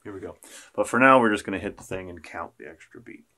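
A man's voice: sits low, quick pace, gravelly, pushed and bright. A man teaching a beginner percussion lesson, counting beats aloud and joking with his students. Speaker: school band teacher.

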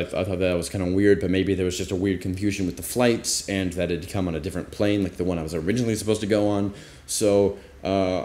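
A man's voice: deep voice, darkish tone. A young man casually telling a rambling, self-deprecating travel story as a vlogger. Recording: roomy echo.

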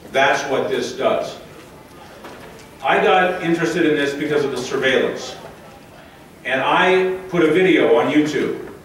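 A man's voice: mid-range voice, a little hiss or hum. A man with an American accent giving an impassioned talk to a live audience at a public forum. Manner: impassioned, addresses the crowd directly. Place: large hall with live audience. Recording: very echoey hall, voice from far off.

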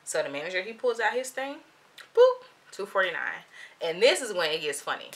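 A woman vlogger telling a shopping story in a lively, slangy, animated way. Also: mid-range voice, brisk. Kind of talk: storytime vlog.

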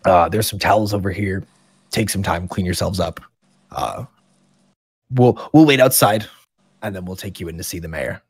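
A man voicing a stern male guard captain who speaks briskly. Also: low voice, slightly rough, no room sound, clean studio sound. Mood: brusque.

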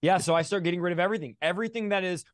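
A man's voice: high-pitched, rapid-fire, dry recording, studio quality. A man in his thirties, a guest in a livestream interview, telling his testimony with a passionate, preacher-like drive.

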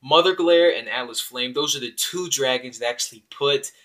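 Young male anime reviewer, bright, rambling, casual. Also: medium pitch, normal speed. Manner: rambling with fillers and voiced quotes. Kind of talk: casual episode recap. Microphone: phone.

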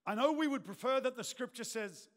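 A male pastor preaching an emphatic sermon in a large church auditorium, repeating his lines and rising to shouted prayer. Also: very high voice, lively intonation, fairly quick. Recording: long reverb of a large church hall.

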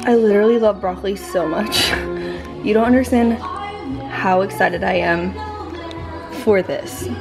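A young woman chats excitedly to her compact camera, gushing over everything in a bubbly vlog style. Her voice sits at an ordinary middle pitch. Music plays clearly in the background. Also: unhurried, long pauses. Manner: gushing, excitable, says literally a lot. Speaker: vlogger. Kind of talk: casual vlog chat.

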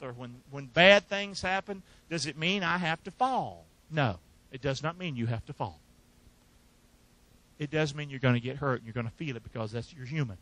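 A pastor preaches a sermon in a slightly high, fairly bright voice, leaving verses unfinished for the congregation to complete. He jokes and laughs between his points. The recording is rough, with no room sound.

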